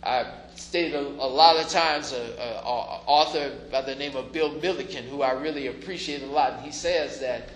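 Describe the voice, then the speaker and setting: His medium-pitched, slightly bright voice moves at normal speed with hardly any pauses. The pastor keeps his sermon conversational but occasionally lands emphatic stresses, in an echoey room carrying faint noise.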